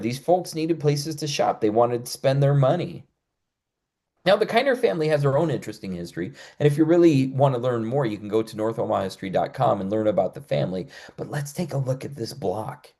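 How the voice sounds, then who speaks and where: A man's voice: mid-range voice, lively intonation, fairly quick, mellow. A man hosting a history podcast, telling local history in a conversational way with frequent "uh" fillers.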